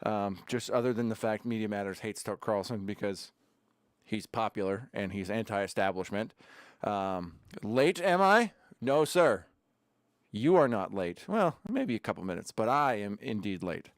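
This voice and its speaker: On a desk camera setup with no echo, a livestream host speaks in a lowish, expressive voice at a moderate pace. He chats loosely from his home studio, adding sarcastic asides as he drinks beer.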